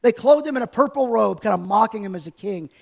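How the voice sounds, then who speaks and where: High-voiced gravelly man preaching. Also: fast. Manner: conversational, animated storytelling preacher. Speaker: pastor. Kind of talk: sermon. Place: church sanctuary.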